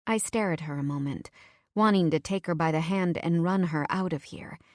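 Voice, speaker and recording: A woman reading a first-person audiobook in a measured, low-key way. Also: darkish tone, no room sound, studio quality. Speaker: audiobook narrator.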